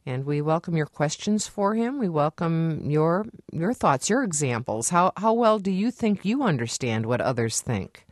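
A woman hosting a public radio talk show in a measured way, inviting listener questions. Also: sits low, sing-song, dry recording, studio quality.

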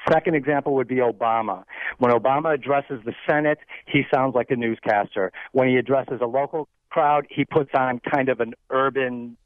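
A man's voice: medium pitch, moderate pace, dry recording. A man calling in to a radio show to give his opinion, a bit hesitant and opinionated. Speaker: caller. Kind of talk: radio call-in comment. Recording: tinny phone line.

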